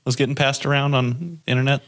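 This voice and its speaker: A man's voice: mid-range voice, steady tone, fast, fairly bright tone. A man co-hosting a casual chat who jokes around, swears freely and laughs often. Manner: joking, swears and laughs a lot. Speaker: podcast co-host.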